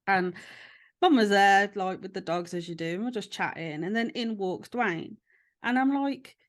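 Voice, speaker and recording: A woman's voice: medium pitch, normal speed. A podcast host, chatting casually. She tells stories with lots of energy and acts out the voices of the people in them. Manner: animated storytelling, acting out quoted voices. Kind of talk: casual chat.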